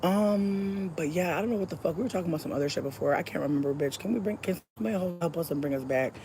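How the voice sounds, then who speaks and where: A woman streamer chatting casually with her viewers, swearing freely and laughing loudly. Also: lowish voice, fast, a little hiss or hum. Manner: profane, animated, laughs loudly. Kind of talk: casual chat.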